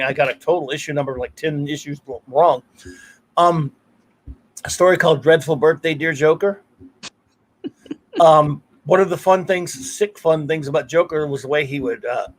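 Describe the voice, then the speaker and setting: A male podcast host talking in a casual, meandering way. His voice sits a little high for a man, and he often circles back and restarts his sentences. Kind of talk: casual chat.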